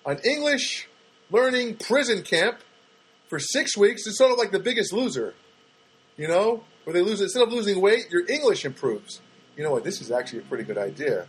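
A husky-voiced American man alone at the mic as a radio host, rambling from one thought to the next. He restarts his sentences often and drops wry asides, his voice sitting a touch higher than most men's. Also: poor audio. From United States. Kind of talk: rambling solo monologue.

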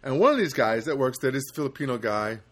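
A man telling stories in a casual monologue, rambling and animated with many restarts. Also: mid-range voice, quick pace.

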